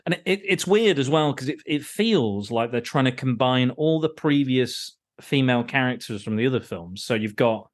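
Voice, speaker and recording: A man's voice: medium pitch, animated, moderate pace, hardly any pauses. Rambling, swearing male podcast host. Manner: rambling, frequent swearing, many restarts. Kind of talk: casual film review chat.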